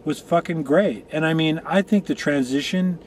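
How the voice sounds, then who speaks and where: A man's voice: a little high, normal speed, slight background noise. A man from Colorado, a guest on a casual chat show, telling long rambling stories full of profanity and side tracks. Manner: rambling, profane, tangential storytelling. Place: room where marijuana is being smoked.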